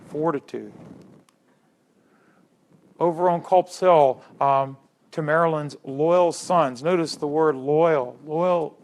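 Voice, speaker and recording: A middle-aged man giving a public history lecture, stressing key words by repeating them and putting questions to his audience. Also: fairly high pitch.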